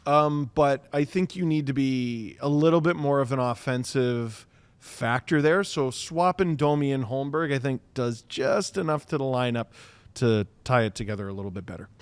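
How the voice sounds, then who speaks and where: A man co-hosting a hockey podcast in animated, jokey casual chat. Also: mid-range voice, moderate pace, clean tone, no echo. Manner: animated, jokey, does mock shouting voices. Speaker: podcast co-host.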